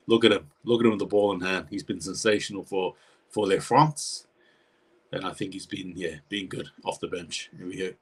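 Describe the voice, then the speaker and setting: Excitable man calling a match live. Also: lowish voice. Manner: chatty, excitable, talks to viewers. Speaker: live reaction host. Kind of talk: live match reaction commentary.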